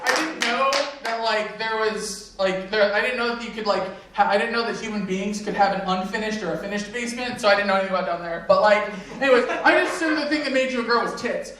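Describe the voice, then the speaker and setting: Rambling storyteller in an echoey room. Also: male voice, sits high, fast talker, few pauses, pushed and bright. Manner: rambling, self-mocking, laughs at own jokes. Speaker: open mic comedian. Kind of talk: storytelling stand-up. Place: convention panel room. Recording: echoey room heard from a distance.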